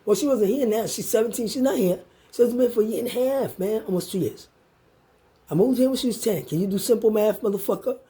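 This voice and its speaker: A woman's voice: a little high, fast talker, dark tone, breathy edge. A woman in an angry, profane, direct-to-camera rant, taunting and confronting the listener. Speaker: vlogger.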